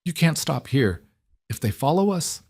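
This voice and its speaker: A man voicing a bold, sharp-tongued young woman in an audiobook, shrieking and hissing her lines. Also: a little high, big pitch swings, normal speed, pitched above the performer's own voice. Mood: urgent hiss. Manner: shrieking, biting, then hissing. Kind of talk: audiobook character voice.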